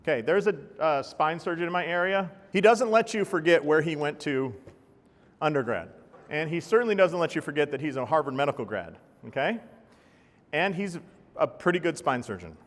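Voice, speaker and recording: A man speaks live to an audience, upbeat and joking, with a fairly high voice. He keeps putting questions to the crowd. The sound carries a long reverb from a large hall. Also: expressive, moderate pace. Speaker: speaker at a healthcare talk. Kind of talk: live keynote presentation.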